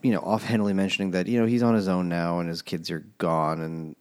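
Very deep-voiced laid-back man. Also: flat delivery, fast talker, darkish tone, clean tone. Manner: laid-back summarizing with many fillers. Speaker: podcast co-host. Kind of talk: casual book chat.

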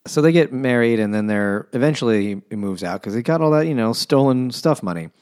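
A man's voice: medium pitch, expressive, fairly quick, darkish tone, clear, resonant tone. A man co-hosting a casual chat, summarizing a story with dry, wry asides. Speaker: podcast co-host.

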